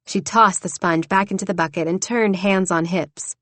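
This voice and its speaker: A woman reading an audiobook in a steady, even storytelling manner. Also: fairly low pitch, moderate pace, hardly any pauses, dry recording. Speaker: audiobook narrator. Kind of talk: scripted audiobook narration.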